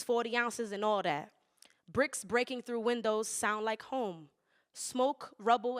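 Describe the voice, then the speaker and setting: A young woman with a fairly high pitch and fairly bright tone performs spoken word poetry in rhythmic, measured recitation. Between poems she relaxes into loose banter, laughing and swearing.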